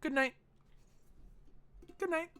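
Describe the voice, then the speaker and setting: A young American man streaming games and chatting casually, animated and profane, jumping between loud outbursts and low mumbles. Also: slow pace. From United States. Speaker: Twitch streamer. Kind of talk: casual live-stream chat while gaming.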